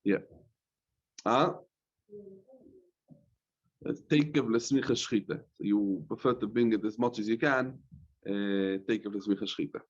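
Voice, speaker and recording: A rabbi teaching a Talmud class, reading the text in a singsong chant and explaining it in plain, hesitant speech. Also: male voice, fairly low pitch, unhurried, pauses often, dull audio. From London. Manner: hesitant, with many "uh" fillers.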